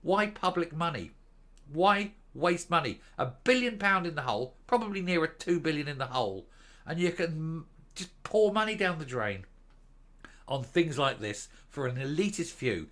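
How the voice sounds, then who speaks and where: Indignant man ranting, bright and forceful. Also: on the high side, animated, moderate pace. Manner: indignant, scornful, wanders into tangents. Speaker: commentary vlog host. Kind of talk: opinion rant to camera.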